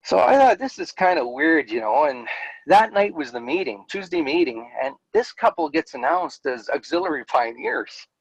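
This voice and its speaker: A man's voice: on the high side, sing-song, normal speed, creaky, breathy edge, no echo, dull audio. A middle-aged man, candidly telling his personal story as an interview guest, with frequent fillers.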